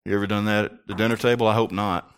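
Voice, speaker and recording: A man preaching a sermon with passion, rising to near-shouts and firing rhetorical questions at the congregation. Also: fairly low pitch, steady tone, fast, clear, resonant tone. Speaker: pastor.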